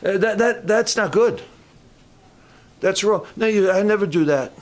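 A man's voice: high voice, measured pace. An older man preaching a sermon at a church camp, folksy and joking, often restarting his phrases. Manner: folksy, humorous asides with frequent restarts. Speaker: pastor.

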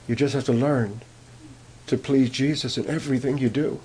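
A man's voice: mid-range voice, steady tone, normal speed, dark tone, a little hiss or hum. A man preaching a sermon, telling a story with many fillers and restarts, then rising to emphatic points.

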